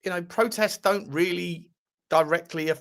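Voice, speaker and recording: A man co-hosts a football chat show, bantering in a relaxed, jokey way. His voice sits fairly high and has a bright edge to it. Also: moderate pace, creaky. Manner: laid-back banter with mates, jokey. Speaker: co-host. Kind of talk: casual chat.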